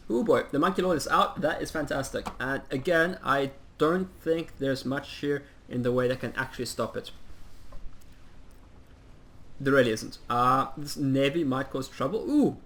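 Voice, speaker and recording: A man giving casual play-by-play commentary on a strategy game, chatty and rambling with plenty of ums, and quick to poke fun at himself. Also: medium pitch, fairly bright tone, a little hiss or hum. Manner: self-mocking humor. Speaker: game caster.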